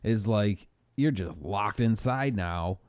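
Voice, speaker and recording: Joking, sarcastic young podcast co-host. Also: male voice, on the low side, animated, slow, darkish tone, clear, resonant tone, no echo, clean studio sound. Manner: joking, sarcastic, many fillers. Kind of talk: casual chat.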